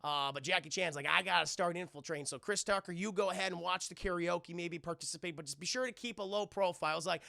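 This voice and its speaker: A man's voice: sits high, quick pace, vocal fry, few pauses, no echo, studio quality. A man recapping a film scene by scene for his live chat, swearing freely and acting out the characters' lines. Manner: profane, animated, acts out quoted lines. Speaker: streamer reviewing a film. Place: home streaming setup.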